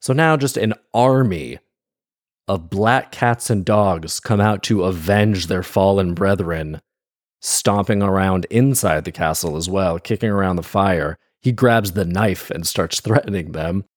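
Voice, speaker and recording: A man with a fairly low voice reads a fairy tale aloud and keeps interrupting himself with wry, sarcastic remarks. The sound is dry and close to the mic, with no room around it. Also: a little slow, dry recording. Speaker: storyteller and commentator. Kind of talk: fairy-tale reading with comic commentary.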